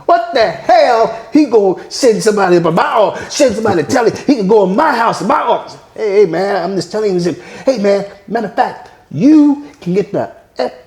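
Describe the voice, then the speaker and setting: A man's voice: high voice, animated, a little fast, hardly any pauses, a little mellow, echoey room, voice pushed up. A man impersonating a furious, blunt middle-aged male music manager, cursing and stammering as he orders someone out. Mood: angry.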